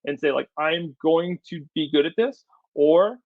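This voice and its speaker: A man as a podcast guest talking business advice in an energetic, casual way, repeating words for emphasis. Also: on the high side, unhurried, no echo, narrow, tinny audio. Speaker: podcast guest, company storyteller.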